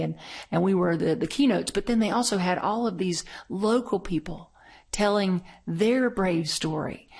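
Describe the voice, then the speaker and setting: A middle-aged woman minister giving a conversational, story-filled sermon. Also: on the low side. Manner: conversational, storytelling, laughs often.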